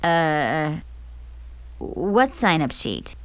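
Nasal, giggly schoolgirl, voiced by a woman narrator, slow to catch on. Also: fairly low pitch, bright, forceful tone, smooth, dry recording. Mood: confused. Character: giggly, slow-on-the-uptake teenage girl.

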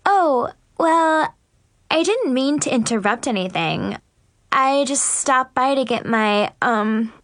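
A woman voicing a catty, fake-sweet teenage girl in an audiobook, shrill and gushing. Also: expressive, takes it slowly, fairly bright tone, no room sound, studio quality, heavily acted. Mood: flustered. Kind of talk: audiobook reading.

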